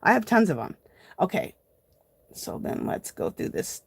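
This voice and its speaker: A woman's voice: mid-range voice, big pitch swings, a little slow, vocal fry, slightly rough, no echo. A woman hosting a casual live art journaling tutorial, chatting to viewers as she works. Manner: chatty, addresses viewers as "you guys".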